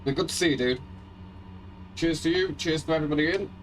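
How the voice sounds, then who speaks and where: A man casually live-streaming a sim race. He chats and rambles, greets viewers by name and thinks out loud about his car setup. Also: a little high, quick pace, slight background noise. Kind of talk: casual live-stream chat while racing. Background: loud music.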